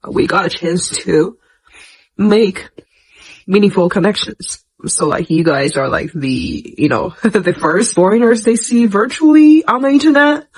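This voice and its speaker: A woman's voice: medium pitch, unhurried, breathy edge, low-quality recording. Earnest young woman. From China. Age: young adult. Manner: earnest and warm, with lively quoted voices. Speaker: social media commentator. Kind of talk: casual direct-to-camera chat.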